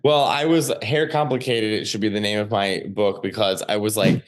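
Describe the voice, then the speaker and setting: A man in his thirties with a Chicago accent and a somewhat low voice chats as a podcast guest. He tells his stories in an animated, rambling way, full of "like"s. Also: normal speed. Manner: animated storyteller, many "like" fillers. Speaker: comedian guest. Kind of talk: casual podcast chat.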